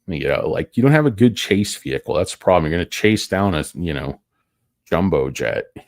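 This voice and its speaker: Low-voiced, tired man rambling about stocks. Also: sing-song, normal speed, no echo, studio quality. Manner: profane, joking, wandering off topic. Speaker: stock market show host. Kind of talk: rambling casual market commentary.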